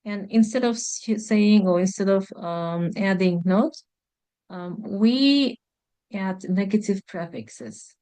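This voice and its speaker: A woman teaching an English lesson on video, explaining slowly and carefully with frequent "um" and "like". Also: medium pitch, warm tone, clean tone.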